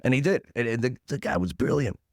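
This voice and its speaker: A man's voice: quick pace, dry recording, studio quality. A man in his forties, a podcast guest, telling a punchy story and acting out the voices of others. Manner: animated storyteller who acts out quotes; punchy, peppers story with "boom".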